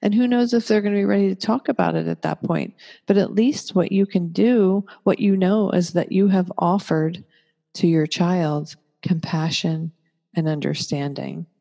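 Gentle, warm-voiced woman teaching patiently. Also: lowish voice, steady tone, moderate pace, vocal fry. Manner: gentle, patient, explains step by step with examples. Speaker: parenting speaker. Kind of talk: calm reflective teaching talk. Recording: long reverberant room echo.

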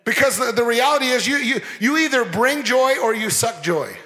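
A man preaching a lively sermon as pastor, joking and mimicking people as he talks. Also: very high voice, normal speed. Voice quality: animated, playful, mimics people. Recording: long hall reverb.

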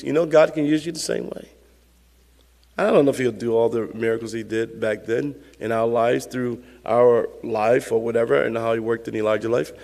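A man's voice: mid-range voice, gravelly, a little mellow, long reverb tail. A male pastor preaching a sermon with emphatic, repetitive phrasing and call-and-response to the congregation.

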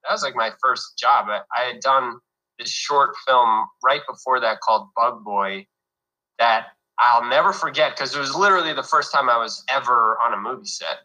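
A young man from New York talks through his career in an easygoing interview manner, his sentences looping back with fillers and restarts. His voice sounds bright and forward, sitting at an ordinary male pitch. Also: normal speed, low-quality recording. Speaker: actor guest. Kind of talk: casual interview chat.

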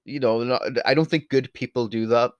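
Speaking at medium pitch, fairly quickly and smoothly, a young Irish vlogger chats bluntly, swears and wanders off topic. The recording is muffled with no room sound, and he sometimes turns away from his desk mic.

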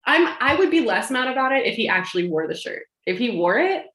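A woman telling a long personal anecdote in casual chat, animated, laughing and acting out what others said. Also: on the high side, fast talker. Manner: animated, laughing, acts out quoted lines. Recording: roomy echo.

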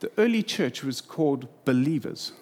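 A middle-aged man, preaching a sermon and telling stories in a lively way, his voice often jumping higher and faster. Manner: animated storyteller, jumps in pitch and speed. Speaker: pastor. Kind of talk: sermon with storytelling.

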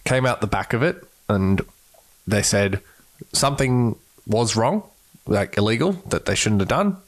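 A man's voice: fairly low pitch, animated, measured pace. A man co-hosting a podcast, chatting casually, rambling and swearing as he retells events with animation. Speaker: podcast co-host. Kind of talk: casual chat.

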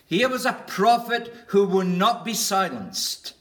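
A man preaching a sermon in an earnest, deliberate way, lingering on each word of a list. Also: high voice, lively intonation, a bit bright.

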